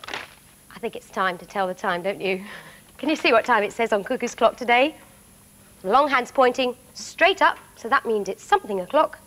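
High, sing-song children's presenter woman. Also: moderate pace, long pauses. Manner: animated, sing-song, reciting tongue twisters.

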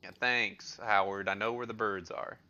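A young man giving casual, excitable gameplay commentary, swearing and yelping in panic as he plays. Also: on the low side, moderate pace, a little hiss or hum. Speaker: gameplay streamer. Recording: dull lo-fi audio with game music. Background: game music.

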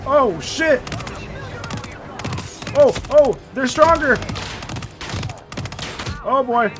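Excitable high-voiced man, gaming commentary. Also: very slow, background noise. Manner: excitable, swears and laughs often, jokey asides. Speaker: gameplay streamer. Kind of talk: casual let's-play commentary. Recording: faint game music behind.

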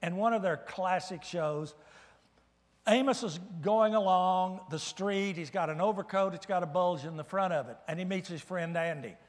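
High-voiced preacher in an echoing church. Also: male voice, moderate pace. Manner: animated, swinging from loud to hushed. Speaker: guest preacher. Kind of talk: sermon. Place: church sanctuary. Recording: reverberant church hall.

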